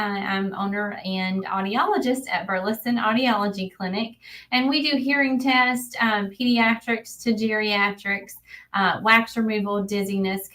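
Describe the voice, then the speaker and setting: A woman's voice: medium pitch, a bit bright. A woman audiologist answering interview questions in a plain, explanatory way with many fillers. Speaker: audiologist, guest.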